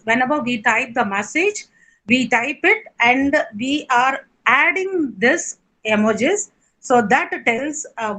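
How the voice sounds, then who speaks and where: A woman's voice: on the high side, fairly bright tone, low-quality recording. A woman with an Indian English accent giving a lecture, explaining step by step with many fillers and questions to the class. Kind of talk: online lecture.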